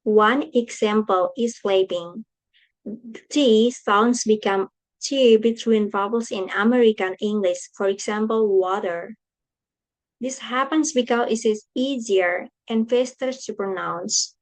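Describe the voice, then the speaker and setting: A woman's voice: medium pitch, low-quality recording. Young Indonesian woman reading coursework aloud. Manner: careful, halting reading with slips and restarts. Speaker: student presenting coursework. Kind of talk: read-aloud class presentation.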